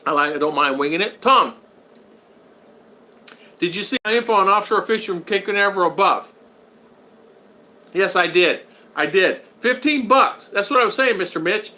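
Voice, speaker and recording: Bright-voiced older man chatting on a live stream. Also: sits high, lively intonation, moderate pace, pauses often, poor audio. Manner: rambling, chatty, greets viewers by name. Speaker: vlog host reading live chat. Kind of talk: casual live-stream chat.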